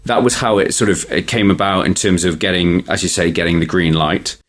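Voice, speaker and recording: A man's voice: low voice, brisk. A man co-hosting a casual film podcast, explaining trivia in a rambling way with many restarts. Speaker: podcast co-host.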